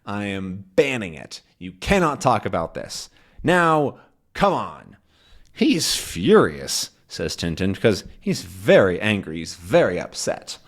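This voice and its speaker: A man teaching English by explaining a comic in slow, simple words, adding sound effects as he goes. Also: fairly low pitch, very animated.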